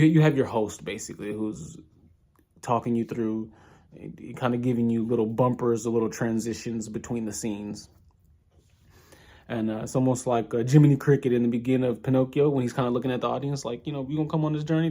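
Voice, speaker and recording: A young man talking through an episode recap in a loose, rambling way. He thinks aloud as he goes and backs up to restart his sentences. His voice sits at a middling pitch. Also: fairly even intonation, brisk, warm tone. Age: young adult. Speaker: podcast reviewer.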